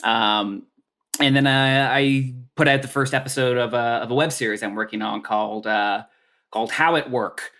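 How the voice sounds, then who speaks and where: A man chatting as a guest on a comedy podcast. He rambles through his thoughts, and his sentences are full of filler words and restarts. His voice sits at an ordinary middle pitch. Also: normal speed, sharp tone. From Canada. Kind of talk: casual podcast chat.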